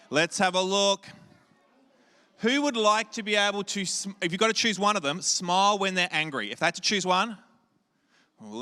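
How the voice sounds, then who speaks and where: A man hosting a lively crowd game for children in a large hall, drawing out each question. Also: high-pitched, clean tone. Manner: upbeat, drawn-out questions. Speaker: kids' church host. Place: large hall with a live audience. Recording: hall reverb.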